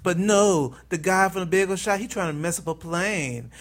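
A man's voice: high-pitched, normal speed. A man co-hosting a podcast, chatting casually and retelling movie scenes with laughter. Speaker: podcast co-host. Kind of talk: casual movie-review chat.

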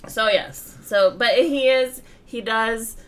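A woman with a slightly high voice speaks slowly as a podcast co-host reviewing a comic. The conversation is casual, chatty, and rambling, with easy laughs.

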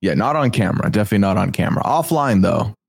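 A man hosting a podcast, recapping in casual chat in a measured, reflective way. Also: fairly low pitch, expressive, vocal fry, slightly rough. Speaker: podcast host.

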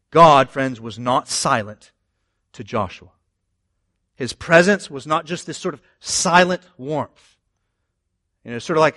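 An energetic male preacher addresses his church congregation in a medium-pitched voice. Quick side comments to the listeners break up the sermon, and each scripture passage sends his delivery rising and booming.

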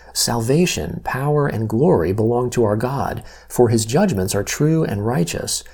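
A man reading scripture aloud in a measured way, slowing down to stress key phrases. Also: fairly low pitch, slightly rough. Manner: measured, even-paced reading with slow emphasis on key phrases. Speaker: Bible reader.

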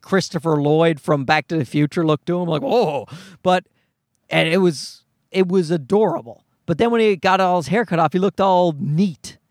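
A man's voice: a little high, no room sound, studio quality. A man, a father of a toddler, ranting in an exasperated, profane comedic monologue.

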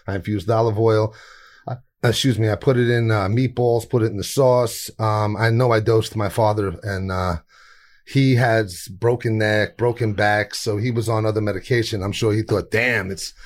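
A man's voice: lowish voice, fairly even intonation, moderate pace. A man, a chef guest telling stories in a casual, rambling interview, laughing often and restarting sentences. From New York.

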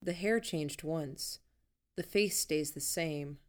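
A woman narrator voicing a quiet, watchful young man who reports what he sees in a hushed voice. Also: low-pitched, takes it slowly.

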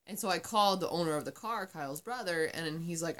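A woman with a low-pitched voice tells a story in casual, profane chat. She talks in an animated way and curses freely. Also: a little fast. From Arizona.

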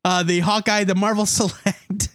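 A man co-hosting a comic book podcast, relaxed in casual chat, often pausing on fillers. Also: sits high, no echo, studio quality. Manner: relaxed, filler-heavy banter. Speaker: podcast co-host.

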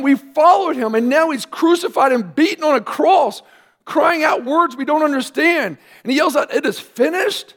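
A man, a pastor, preaching a sermon earnestly, with emphatic rising questions and quieter asides. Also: very high voice, moderate pace.

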